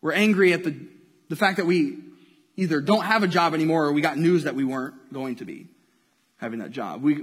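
Husky preacher in a reverberant hall. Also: male voice, a little high. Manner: animated storytelling, swings from loud to hushed. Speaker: pastor. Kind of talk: sermon. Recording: long reverb of a large hall.

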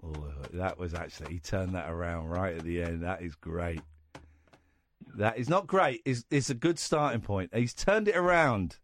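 A man hosting a radio phone-in, teasing a caller and quick to laugh. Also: low-pitched, fairly bright tone, a little hiss or hum. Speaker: radio host. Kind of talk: phone-in banter. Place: radio studio.

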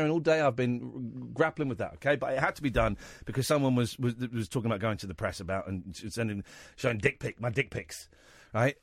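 Male phone-in host, self-deprecating rambler, animated delivery, dry studio mic. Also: medium pitch, no echo. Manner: self-deprecating, rambling, quick jokey asides. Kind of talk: late-night phone-in chat. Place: radio studio.

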